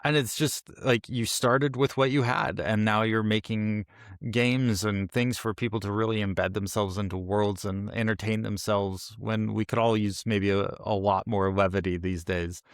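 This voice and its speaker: A man's voice: fairly low pitch, steady tone, moderate pace, no room sound, studio quality. A man hosting a podcast interview, chatting casually, affirming his guest and asking long, rambling questions. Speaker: podcast host.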